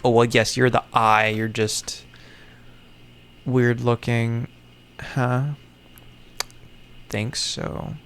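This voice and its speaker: A man mutters and thinks aloud to himself in casual solo commentary. He talks slowly, with a gravelly, creaky voice and mid-range pitch, dropping sarcastic asides and offhand swearing. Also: level tone, a bit bright, slight background noise. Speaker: content creator. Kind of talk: casual solo commentary while puzzling something out.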